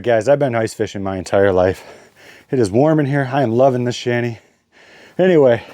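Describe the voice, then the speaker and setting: A man's voice: medium pitch, darkish tone, no room sound, studio quality. A man hosting a fishing vlog in casual, enthusiastic chat, a bit out of breath. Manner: enthusiastic, chatty. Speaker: fishing vlogger. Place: inside an ice fishing shelter.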